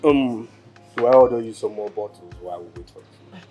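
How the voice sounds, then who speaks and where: An actor with a Nigerian English accent playing a calm, persuasive widower courting a woman. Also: mid-range voice, a little fast, over music, natural voice. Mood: tender. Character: smooth-talking male widower wooing a woman. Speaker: widower suitor. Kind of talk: film drama acting.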